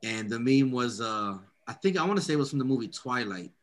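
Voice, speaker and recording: A man hosting a casual chat, telling stories in a loud, profane, animated way and quoting other voices. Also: medium pitch, a little fast.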